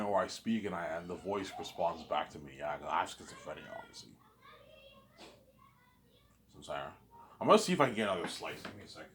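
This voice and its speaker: Man, very low voice, casual halting monologue full of repeats, light background noise. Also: fairly bright tone. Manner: repetitive, halting, many restarts. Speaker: vlogger.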